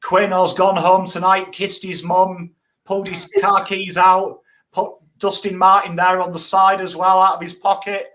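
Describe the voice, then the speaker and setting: A dry, teasing Englishman with a high voice banters about footy as co-host. He leans on "I mean" and little asides as he needles his mate. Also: little pitch movement, a little slow, bright, forceful tone. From England.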